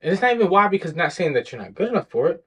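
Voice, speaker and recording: A man's voice: high voice, sing-song, rapid-fire, breathy edge, low-quality recording. A man co-hosting a casual podcast chat, talking bluntly and profanely with lots of animation. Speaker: podcast co-host.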